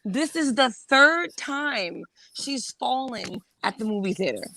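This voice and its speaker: A woman's voice: fairly high pitch, expressive, takes it slowly, gravelly, pushed and bright, poor audio. A woman hosting a casual chat stream, telling a family story in a blunt, exasperated way with plenty of swearing. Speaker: host.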